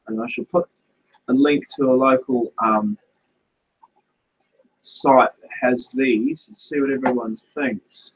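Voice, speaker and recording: Husky and medium-pitched, a man speaks slowly with fairly even intonation and long pauses. He's hosting a laid-back live stream from his home fish room, chatting over comments on dull lo-fi audio.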